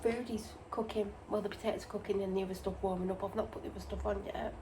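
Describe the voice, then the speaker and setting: A woman's voice: mid-range voice, steady tone, fast, noisy background. A tired woman rambles in casual chat about her day while cooking in her home kitchen. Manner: rambling, chatty, self-deprecating. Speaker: vlogger.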